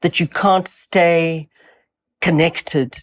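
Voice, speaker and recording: A woman's voice: lowish voice, fairly even intonation, slow. An older woman, a voice coach and actress answering interview questions thoughtfully, often repeating words as she searches for them.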